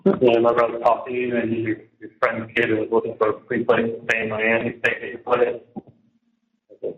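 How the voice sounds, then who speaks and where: A man on a jail phone call, talking in a rambling, halting way that keeps restarting and repeating words. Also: mid-range voice, monotone, background noise. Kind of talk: casual phone conversation. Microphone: phone handset. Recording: tinny, echoey prison phone line.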